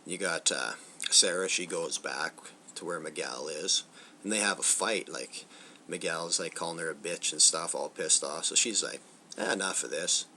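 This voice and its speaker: Guy with a real low voice doing a chill profane movie review, punchy bright tone. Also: moderate pace, a little hiss or hum. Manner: loose and profane, acts out film lines in snippets. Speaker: movie reviewer, channel host. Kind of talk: casual spoken film review.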